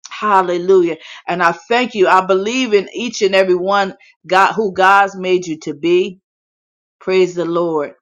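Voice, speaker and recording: A woman's voice: fairly low pitch, fairly even intonation, measured pace. A woman leading a faith chat room, preaching and praying with fervor and frequent hallelujahs. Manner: fervent, peppered with hallelujahs. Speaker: prayer leader hosting a faith chat room. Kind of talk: impassioned preaching and prayer. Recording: dull lo-fi phone audio.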